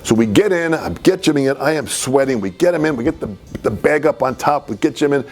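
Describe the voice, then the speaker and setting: Man, animated storyteller, laughing through a personal anecdote, mid pitch. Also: fairly quick, soft background music.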